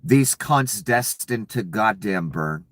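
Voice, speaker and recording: A man's voice: lowish voice, animated, slow pace, no room sound. Male commentator, furious profane rant with sarcasm, dry close recording. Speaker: political commentator. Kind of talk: angry political rant.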